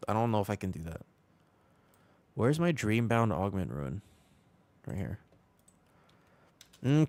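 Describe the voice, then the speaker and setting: A young man chats loosely with his stream while gaming, his voice swinging up and down with lots of lively inflection. The sound is close and dry, with no room echo, and keyboard typing clicks along underneath. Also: lowish voice, gravelly. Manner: chatty, rambling, answers chat, talks to himself. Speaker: streamer playing an online game. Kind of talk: casual live-stream chat while gaming. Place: home, in Thailand.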